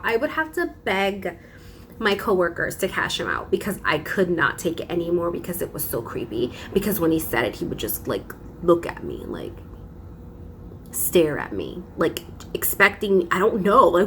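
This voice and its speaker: A woman's voice: medium pitch, very animated, normal speed, a bit bright, slight background noise. A young woman vlogging casually, telling a story with dramatic emphasis and frequent laughs.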